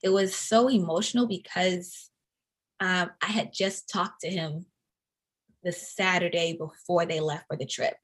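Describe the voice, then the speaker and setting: Woman, 30s, from Atlanta, slightly low voice, earnest, reflective, halting, interview guest. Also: steady tone, slightly rough. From Atlanta, USA. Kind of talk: personal storytelling in conversation.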